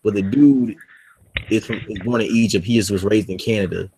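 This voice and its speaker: Loud teasing man, podcast co-host. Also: on the low side, fairly quick, slight background noise, low-quality recording. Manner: loud, teasing, swears a lot. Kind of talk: casual chat.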